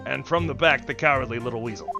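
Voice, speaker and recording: A man's voice: medium pitch, fast, vocal fry, natural voice. A man voicing a zealous male military witness with a barking, formal manner, over game music. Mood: indignant.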